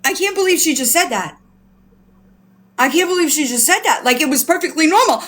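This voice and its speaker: A woman's voice: sits high, expressive, brisk, pauses often, fairly bright tone. A woman livestreaming who rants with outrage, swears often and repeats herself, greeting viewers by name. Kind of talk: casual livestream rant.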